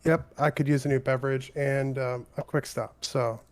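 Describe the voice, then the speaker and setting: A man's voice: medium pitch, steady tone, moderate pace, darkish tone, dry recording. A man co-hosting a podcast, easygoing and steering the show toward a break. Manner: easygoing, keeps the show on track. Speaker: podcast co-host. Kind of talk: casual podcast chat.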